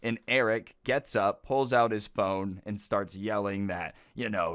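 A man's voice: on the low side, normal speed, hardly any pauses, fairly bright tone, clean tone, dry recording, clean studio sound. A man narrating a storytime video in a chatty, casual way with slangy asides.

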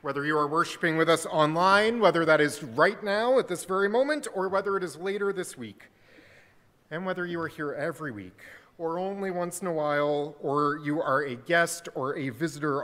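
A man's voice: fairly high pitch, moderate pace. A man, a pastor giving a storytelling sermon in a church sanctuary. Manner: storytelling, warm and conversational. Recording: church sanctuary with long reverb.

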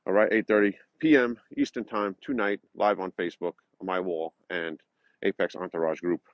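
New York-accented realtor, low and deep, casual motivational vlogger with filler words; dry, muffled lo-fi audio. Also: male voice, steady tone, normal speed, no room sound. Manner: loose, with frequent uh and um fillers. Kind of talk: motivational morning vlog with prayer. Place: outdoors at a lakeside park at dawn. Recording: dull, dry, lo-fi sound.

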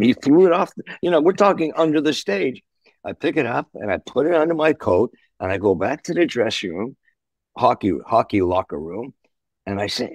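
An older man from Canada, a musician, telling animated, salty stories in an interview and acting out the voices. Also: medium pitch, normal speed, creaky, no echo. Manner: animated, swears, acts out voices. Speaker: musician guest.

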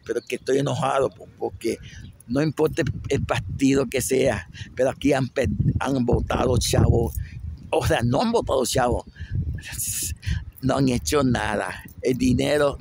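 Angry high-voiced Puerto Rican man. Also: vocal fry, noisy background. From Puerto Rico. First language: Spanish. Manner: shouting indignant, repeating phrases. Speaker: vlogger. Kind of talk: angry outdoor vlog rant.

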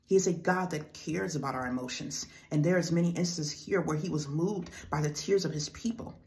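A woman's voice: sits low, a little fast, a little mellow. A woman giving a devotional teaching, reading scripture aloud and then explaining it plainly in her own words. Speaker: preacher.

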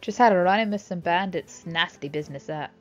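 Woman putting on a gruff mock-Scottish tavern customer. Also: lowish voice, fairly quick, lo-fi sound, faint music behind, natural voice. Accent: put-on Scottish.

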